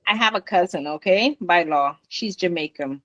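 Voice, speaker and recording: A woman, a business owner chatting as a guest in an interview, animated and talkative. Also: on the low side, moderate pace, no echo, dull audio. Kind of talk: casual interview chat.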